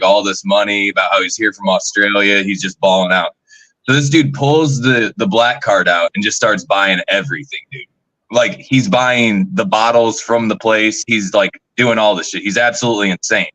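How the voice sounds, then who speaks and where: A young man with a low voice and a bright, forceful edge spins a loose, profane story on a live call. He rambles through it, leaning on fillers as he goes. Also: no echo, poor audio. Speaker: guest storyteller. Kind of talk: casual storytelling on a live stream.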